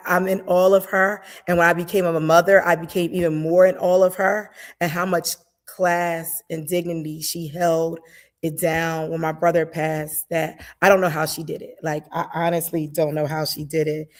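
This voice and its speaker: A woman in her thirties speaks with quiet earnestness, her voice sitting on the lower side. When she retells a heated moment she becomes lively and animated. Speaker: guest defense attorney. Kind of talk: emotional personal conversation.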